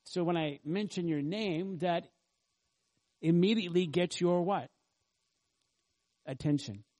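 Mellow-voiced man preaching a sermon. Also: sits high, measured pace. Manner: earnest teaching with rhetorical questions. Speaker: pastor. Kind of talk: expository sermon.

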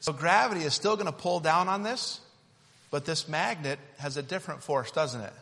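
A man's voice: on the high side, normal speed, gravelly, bright, forceful tone, in a large hall. A man preaching a sermon built around a hands-on object lesson, talking in a conversational, playful and demonstrative way.

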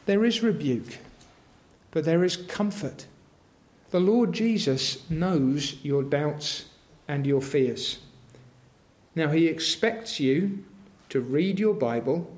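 A man's voice: on the high side, animated, slow, pauses often, a little mellow. A man preaching a sermon, earnest and building to emphatic intensity as he quotes scripture.

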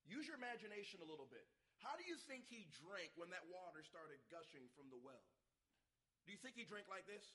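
A man preaching a revival sermon with passion, asking the congregation questions and breaking into loud shouts. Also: sits high, big pitch swings, brisk, slightly rough.

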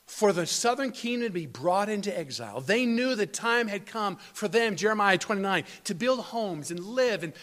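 A man preaching a sermon in an earnest style, slowing down to stress quoted scripture and often restarting words. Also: high voice, bright, forceful tone. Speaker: pastor.

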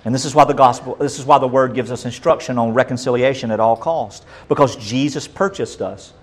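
A male pastor, preaching a sermon and swinging between loud and soft. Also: mid-range voice, a little fast.

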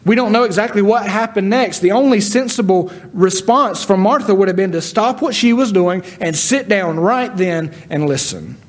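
A man preaching a sermon, expressive, acting out the words of biblical figures with rising and falling loudness. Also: high-pitched, moderate pace, hardly any pauses. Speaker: pastor.

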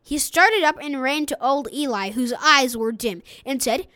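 A woman reading a sermon aloud for an audiobook in an earnest, measured way. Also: high voice, pushed and bright, no echo. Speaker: audiobook reader.

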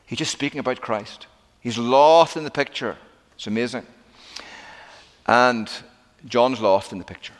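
A man preaching a sermon, telling the story with lively acted-out quotes and plain explanation. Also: mid-range voice, unhurried, pauses often, in a large hall.

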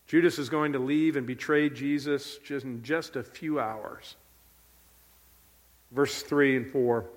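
A man's voice: mid-range voice, steady tone, slow, in a large hall. A man preaching a sermon as pastor, earnest and emphatic, repeating key phrases.

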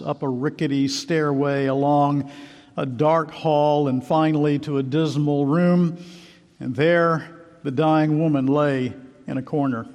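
A man's voice: a little high, creaky, darkish tone. A man preaching a sermon, telling a story and then urging listeners earnestly and emphatically. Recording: long hall reverb.

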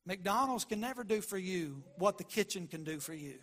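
A man preaching a sermon as a pastor, passionate, moving between hushed and loud delivery. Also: high voice, animated, normal speed. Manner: passionate, shifts from quiet to loud.

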